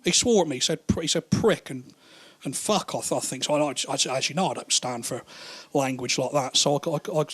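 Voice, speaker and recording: Male comic as a sheepish drunk young lad; quiet, halting, rambling. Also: fairly high pitch, husky, dry recording. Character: drunk sheepish young man, the troublemaking mate.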